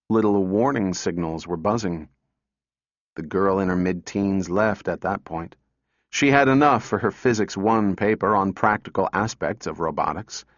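A man narrating an audiobook in a measured, expressive reading. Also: on the low side, no echo. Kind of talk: scripted narration. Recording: dull dry recording.

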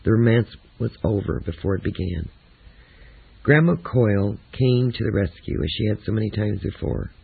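Gravelly, husky male memoir narrator. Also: on the low side, expressive, normal speed, no echo. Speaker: audiobook narrator. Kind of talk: first-person memoir narration. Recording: tinny, lo-fi phone-like audio.

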